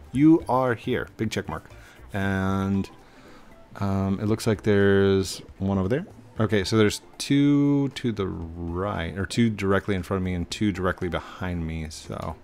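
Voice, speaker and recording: A man with a low, slightly mellow voice runs an easygoing let's-play, chatting and talking to himself while he plays. He restarts his sentences here and there, and game music plays behind him.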